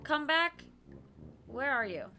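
A young woman streaming a video game, loudly and excitedly giving her partner step-by-step instructions and laughing often. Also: high voice, slow pace, a little hiss or hum. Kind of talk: casual gameplay chat.

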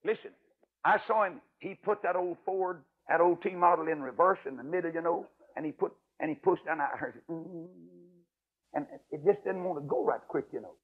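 An older man, an evangelist preacher, telling a folksy, emphatic story in a sermon, his voice swinging from loud to hushed. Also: fairly high pitch, moderate pace, slightly rough. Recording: tinny radio broadcast audio.

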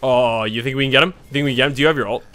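A young man hosting casual gameplay commentary, excitable, swearing and laughing often. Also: medium pitch, very fast. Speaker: gaming channel host.

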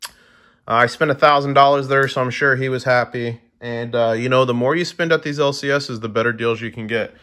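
A man's voice: mid-range voice, fairly even intonation, fairly quick, sharp tone. A young man with a mid-range voice chats casually to his audience. He is easily impressed and keeps turning to his viewers with questions and exclamations. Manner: chatty, easily amazed, talks to viewers directly. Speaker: coin collecting vlogger. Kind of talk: casual unboxing chat to viewers.

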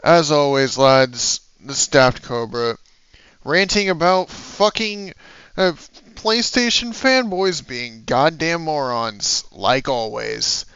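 A YouTuber who is sick, ranting angrily and yelling with a lot of profanity. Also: medium pitch, slow pace, clear, resonant tone, no echo, highs cut off. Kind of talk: angry rant vlog.

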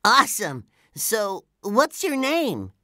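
A narrator voicing an excitable, cheerful young sea sponge with eager, squealing shouts. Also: medium pitch, slow, no echo, studio quality, voice pushed up, full character voice.

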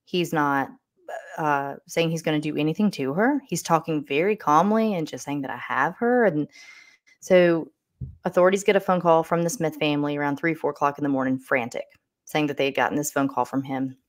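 A woman's voice: deep voice, a little fast. A woman hosting a podcast, telling a true-crime story in a casual, meandering way with restarts. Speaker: podcast host.

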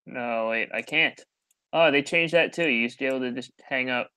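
A man with a bright, sharp voice hosts a livestream call, cracking teasing jokes at his guest while he fiddles with the settings. His pitch is ordinary. The sound is dry and close to the mic. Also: fairly quick, clear, resonant tone, no room sound. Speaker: livestream host. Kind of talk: casual chat over a voice call.

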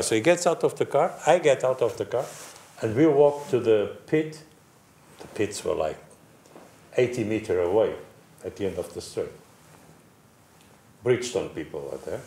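A man's voice: fairly low pitch, lively intonation, moderate pace, long pauses, mellow. An older man telling a racing story to friends on a panel, acting out voices and crash noises and laughing often. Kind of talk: casual anecdote among friends. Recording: roomy echo with faint background hiss.

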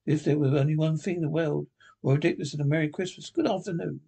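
A man's voice: fairly high pitch, steady tone, fast talker, vocal fry, mellow, husky. A man reading a stern, scornful old miser. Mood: curt. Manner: curt, cold, indignant.

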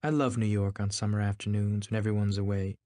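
A man's voice: on the low side, level tone, fast, darkish tone, no echo, studio quality, close to an everyday voice. A man voicing a cool, languid young woman who talks in an offhand drawl.

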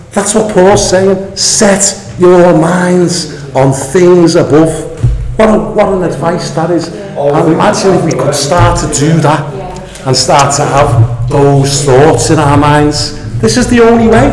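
A man preaching a sermon, emphatic and animated, often laughing at his own asides. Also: on the high side, slow, roomy sound, crowd noise, poor audio.

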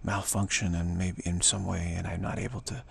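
Gravelly husky voice, meek saintly woman acting like a tiny girl, put on by a man, apologetic, halting. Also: sits low, little pitch movement, dry recording, full character voice.

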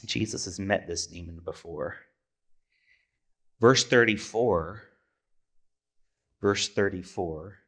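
Guy pastor giving a sermon, lowish voice, chatty, lots of rhetorical questions. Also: takes it slowly, a bit bright, slightly rough. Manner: conversational, self-correcting, rhetorical questions.

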